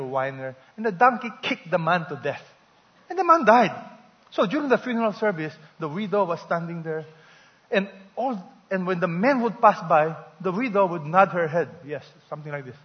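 A male pastor preaches with emphasis and calls for answers from the congregation. His voice sits high for a man, with a long church-hall reverb behind it. The recording sounds dull and lo-fi. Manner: emphatic, call-and-response with the congregation. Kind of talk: sermon.

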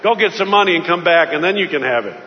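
A man's voice: a little high, animated, quick pace, slight background noise, natural voice. A man voicing a skeptical, dismissive old shopkeeper, in a dull recording with long hall reverb.

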